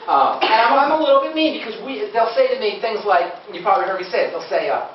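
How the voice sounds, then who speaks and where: A man speaking on nutrition to a live seminar audience keeps it chatty and asks the room questions. His high voice is expressive and quick-paced; the recording, made from a distance in an echoey lecture room, sounds dull with a little hiss or hum.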